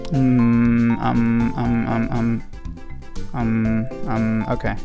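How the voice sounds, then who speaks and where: A man's voice: medium pitch, completely flat delivery, very slow, creaky, music in the background. Rambling young man streaming a game. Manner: rambling, mock-mournful, many ums. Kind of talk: casual let's-play commentary.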